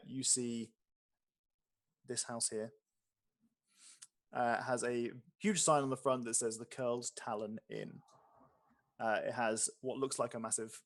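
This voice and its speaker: Man narrating as game master. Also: mid-range voice. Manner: descriptive, with frequent fillers and restarts.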